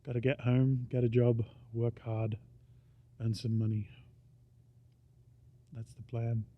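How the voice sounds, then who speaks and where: Tired Australian man rambling quietly. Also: little pitch movement, slow, vocal fry, long pauses, a little hiss or hum. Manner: rambling, quiet and low-key. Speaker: vlogger. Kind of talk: casual walking vlog, rambling monologue. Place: outdoors on a small-town main street at night. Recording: dull lo-fi recording.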